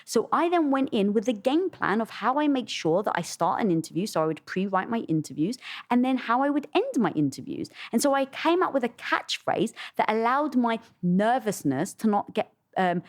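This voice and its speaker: Squeaky-voiced woman on a podcast, super lively pitch, acts out the voice in her head. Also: normal speed, hardly any pauses. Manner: animated storytelling, acts out her inner voice. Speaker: guest. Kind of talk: casual podcast conversation.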